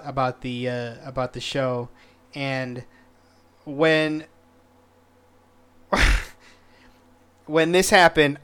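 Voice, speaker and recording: A man's voice: fairly high pitch, fairly bright tone, smooth, no echo. A man hosting his own podcast, rambling casually with lots of profanity, stumbling over words and getting exasperated. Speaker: podcast host. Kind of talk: casual solo podcast review.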